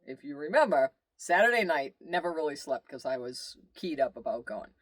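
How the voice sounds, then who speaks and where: A man telling a long road-trip story in casual, rambling storytelling, animated, with asides and exclamations. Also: on the high side, normal speed, no room sound. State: tired. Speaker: vlogger telling his travel story.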